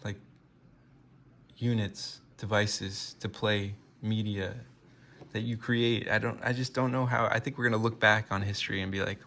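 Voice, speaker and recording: A man from the United States talks in a loose, rambling vlog, cutting himself off mid-thought and joking. His voice sits a little low with a gravelly rasp. A faint hiss of noise runs under the recording. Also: steady tone, normal speed, bright, forceful tone. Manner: rambling, self-interrupting, jokey. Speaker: vlogger.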